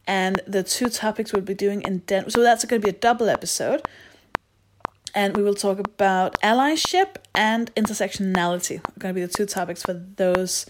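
A woman's voice: mid-range voice, background noise. A woman hosting a podcast, reading out announcements in a playful, rambling, self-mocking way. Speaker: podcast host. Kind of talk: casual solo announcement.

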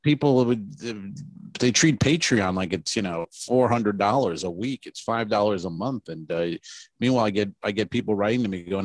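A man's voice: on the low side, brisk, no echo. A man co-hosting a casual comedy podcast, telling rambling, profane stories. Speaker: podcast co-host.

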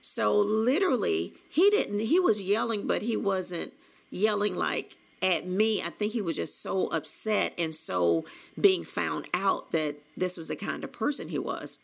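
A woman's voice: lowish voice, a little slow, creaky. A woman candidly telling a personal story, rambling with restarts and quoting conversations as she goes. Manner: candid, rambling with many restarts and quoted dialogue. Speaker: author telling her own story.

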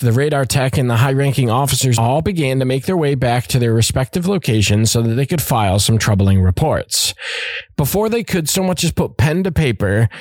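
A man's voice: medium pitch, darkish tone, no room sound, clean studio sound. A man hosting a podcast who reads out a story in a casual way, with asides and joking and some swearing. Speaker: podcast host.

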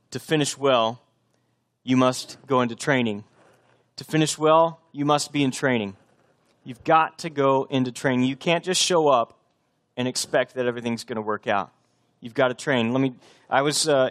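A man from Texas preaching a sermon in an earnest, conversational way, with restarts and direct challenges to the congregation. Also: medium pitch. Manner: earnest, conversational preaching with bursts of coach-like shouting. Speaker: pastor.

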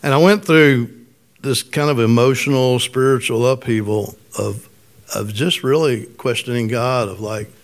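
Middle-aged male pastor, slightly raspy, conversational storytelling sermon, mid-pitched. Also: measured pace. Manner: conversational, storytelling, asks congregation questions.

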